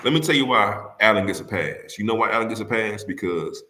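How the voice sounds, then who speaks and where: A man runs a casual sports talk stream and argues with rival fans. His low voice has a forceful edge, and he repeats himself and keeps firing rhetorical questions. The room around him is echoey. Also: fairly quick. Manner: heated, repetitive, rhetorical questions to the audience. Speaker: sports talk livestream host.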